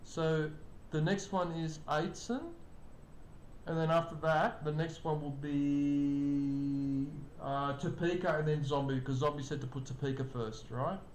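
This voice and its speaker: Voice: level tone, measured pace, darkish tone. An older streamer, chatting casually with live viewers and greeting them by name. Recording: echoey room, faint rumble.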